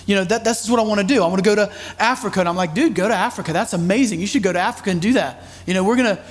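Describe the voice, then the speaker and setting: A man preaching a sermon, telling a story in a conversational way with animated asides. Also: high voice, racing, in a large hall. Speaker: pastor.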